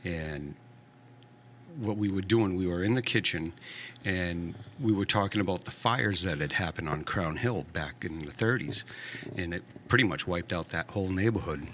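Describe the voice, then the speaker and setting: Male guest ghost hunter, deep voice, steady and matter-of-fact. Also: normal speed, slight background noise. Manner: calm, matter-of-fact storyteller with fillers. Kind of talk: casual podcast storytelling.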